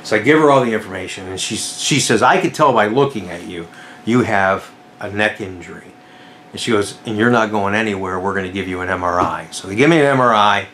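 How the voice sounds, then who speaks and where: A middle-aged man hosting his vlog and casually retelling a personal story in an animated, dramatic way. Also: on the low side, a little fast, a little hiss or hum. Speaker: vlog host.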